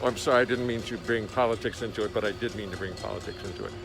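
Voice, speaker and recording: A man's voice: fairly low pitch, racing, gravelly, music in the background. A man chatting casually and jokingly on a livestream from his studio, greeting viewers by name. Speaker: musician hosting a livestream. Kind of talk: casual chat. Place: home studio by a window.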